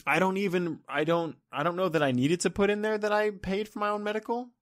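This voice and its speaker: A man's voice: high-pitched, fairly even intonation, fairly quick. Exasperated rambling man, ranting vlog. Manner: exasperated, rambling, swears often. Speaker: vlogger.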